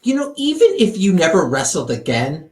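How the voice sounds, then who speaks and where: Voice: mid-range voice, big pitch swings, normal speed, a little mellow. A podcast host in a casual interview who gives short encouraging replies and asks follow-up questions. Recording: roomy with faint music behind.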